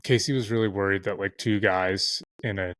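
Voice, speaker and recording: A man's voice: on the low side, steady tone, normal speed, a bit bright, no room sound. A man guesting on a podcast, telling stories in a loose, profane way with lots of fillers. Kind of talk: casual storytelling chat.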